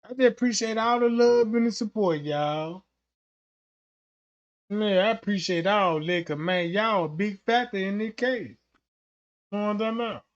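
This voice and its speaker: A young man livestreaming, telling stories in a casual, slangy, animated way. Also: high-pitched, moderate pace, pauses often, dull audio.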